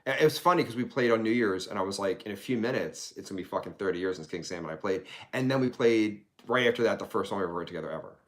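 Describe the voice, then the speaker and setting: A man's voice: on the low side, racing, hardly any pauses. A man, around his forties, from Pennsylvania, guesting on a podcast and telling a story casually, full of swearing and laughter. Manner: profane, animated, laughing storyteller.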